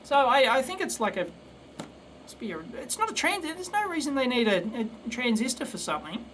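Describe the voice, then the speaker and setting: Extremely high-pitched and sing-song, a bit bright and a little fast, the Australian man's voice comes with slight background noise. He hosts an electronics video, soldering on a live stream while rambling bluntly with many restarts and stammered repeats.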